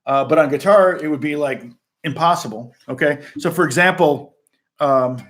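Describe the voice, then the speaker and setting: A man's voice: on the high side, moderate pace, a bit bright. A man chatting loosely as a session guitarist answering viewer questions, telling stories with lots of fillers and restarts. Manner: loose and anecdotal, many fillers and restarts, demonstrates on guitar between phrases. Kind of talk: casual rambling chat. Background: guitar playing.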